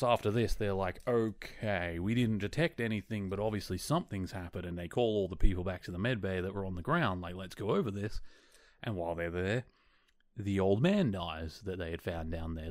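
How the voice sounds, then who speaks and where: A man's voice: fairly low pitch, a little mellow, no echo, clean studio sound. A man hosting a podcast, casually retelling a TV episode and slipping into quoted lines from the characters. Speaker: podcast host.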